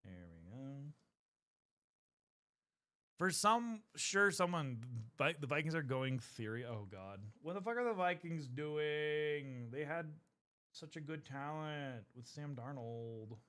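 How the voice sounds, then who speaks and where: Painting miniatures on a stream, a man rambles casually to viewers and swears often, speaking slowly. His fairly high voice is animated and smooth, with a sharp tone.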